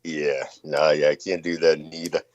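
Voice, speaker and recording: A man's voice: rumbling low, little pitch movement, normal speed, dry recording. A man from Texas chatting casually on a podcast, profane and rambling. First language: not English. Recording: dull lo-fi sound.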